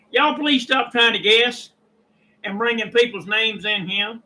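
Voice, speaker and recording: A man's voice: sits high, animated, takes it slowly, long pauses, bright, forceful tone, poor audio. A man with a Kentucky country accent, ranting indignantly and defensively in a casual vlog. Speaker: YouTuber.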